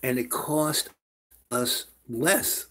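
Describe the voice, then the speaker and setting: A man's voice: mid-range voice, very slow, a little hiss or hum. Rambling New man telling stories. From New York. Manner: rambling, animated, many restarts and asides. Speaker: storyteller. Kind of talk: casual spoken storytelling.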